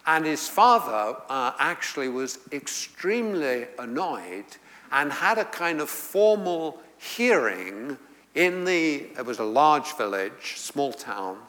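Teaching from the pulpit in a large, heavily reverberant hall, a middle-aged man speaks with slow deliberation, stopping on fillers and starting thoughts over. His voice is bright, clear and fairly high with a sing-song lilt, rising emphatically whenever scripture is quoted.

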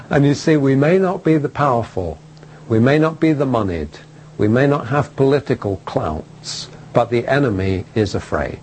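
A man preaching a sermon in an emphatic way, pausing between phrases, repeating key words and asking rhetorical questions of his listeners. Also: medium pitch, lively intonation, darkish tone, a little hiss or hum, poor audio.

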